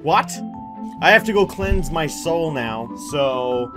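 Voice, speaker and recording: A man's voice: on the high side, expressive, slow. A man giving casual, profane, joking commentary while playing a strange video game. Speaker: let's play host. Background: game music.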